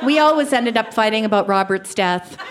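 A grown woman reading aloud at a live show, with dramatic emphasis on the lines she shouts. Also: a little high, expressive, brisk, a crowd in the background, noisy background. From Canada. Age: adult. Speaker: reader of her childhood story. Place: live venue.

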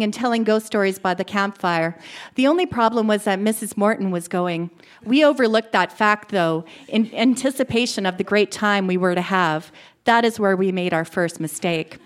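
A woman reading a first-person short story aloud in a steady, plain manner. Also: medium pitch. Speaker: reader.

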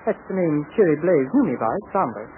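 A chummy british pilot, lively swoopy talk, crackly old tinny radio. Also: male voice, a little high, fairly quick. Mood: boastful. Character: young British airman, injured, chatty. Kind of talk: 1940s radio acting. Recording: scratchy 1940s radio broadcast.

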